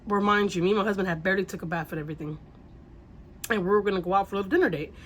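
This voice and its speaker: A woman casually telling a story at a middle pitch, rambling along and doubling back on her words. She drops a mild curse here and there. Faint noise sits under her voice. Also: racing. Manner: rambling, repeats herself, mild swearing.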